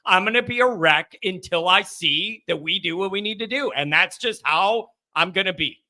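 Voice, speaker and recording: A man hosting a casual call-in sports show, excitable, bantering with callers and reading chat messages aloud. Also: high voice, moderate pace.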